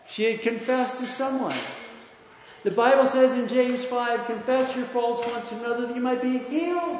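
A man preaching a sermon, emphatic, swinging between loud declarations and hushed storytelling. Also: very high voice, lively intonation, normal speed, a little hiss or hum. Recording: echoey hall, somewhat distant.

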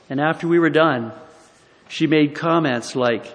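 A man preaching a sermon, emphatic, swinging between loud declarations and hushed storytelling. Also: a little high, a little slow. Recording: echoey hall, somewhat distant.

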